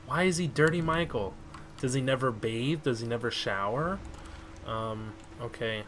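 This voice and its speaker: A man's voice: medium pitch, normal speed, a bit bright, a little hiss or hum. A man chatting casually over his gameplay as a let's-play host, easily exasperated and swearing freely. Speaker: gaming video host.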